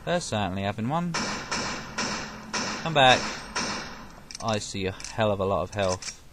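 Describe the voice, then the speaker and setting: A man's voice: lowish voice, expressive, a little slow. A young man doing let's play commentary, sarcastic, talking to enemies and swearing and yelping when hit. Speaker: gaming commentator. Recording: noisy game background.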